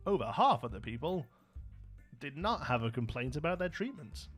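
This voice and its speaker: A man's voice: a little high, big pitch swings, moderate pace, a bit bright, husky, soft background music. A man from Birmingham with a Brummie accent, hosting a live gameplay stream in a casual, chatty way, laughing often and answering viewer comments. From Birmingham, England. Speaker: livestream host.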